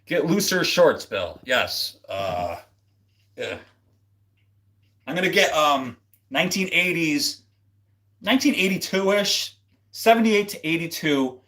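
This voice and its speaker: A laid-back man rambles through a casual livestream chat, chuckling as he goes. His pitch moves around a lot, and he takes his time with words. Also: animated, slow, pauses often, fairly bright tone. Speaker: livestream host and guitarist. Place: home streaming setup, seated.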